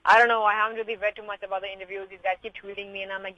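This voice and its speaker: A young woman, a reality show contestant, chatting in a radio interview in a bubbly, quick way, laughing often and saying "like" and "man" a lot. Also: mid-range voice, level tone, no echo, lo-fi sound. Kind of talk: casual interview chat.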